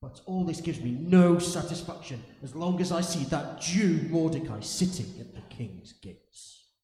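Boastful, bitter court official Haman read by a man, slow and dark-toned, echoing in a church hall. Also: a little high, lively intonation. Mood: proud, bitter. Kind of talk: dramatized scripture reading. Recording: echoey church hall with long reverb.

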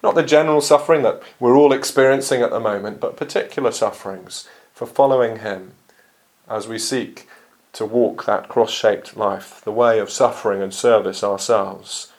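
Guy giving a sermon, steady earnest voice, lots of uhs and ums. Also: fairly low pitch. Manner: measured, earnest preaching with frequent ums and uhs. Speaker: preacher.

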